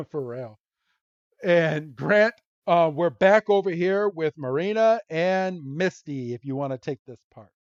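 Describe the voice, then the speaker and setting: A man with a fairly high voice takes his time as he recaps a cartoon episode, laughing often and telling it with animation. The sound is dry, with no room to it, and the audio is dull and lo-fi. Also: slow pace, no room sound. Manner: giggly, animated storytelling. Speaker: podcast host. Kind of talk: casual episode recap chat.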